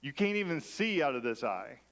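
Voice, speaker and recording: A man's voice: on the high side, sing-song, normal speed, a bit bright. A man preaching a sermon in a church, conversational and self-deprecating as he mixes personal stories with scripture. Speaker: pastor.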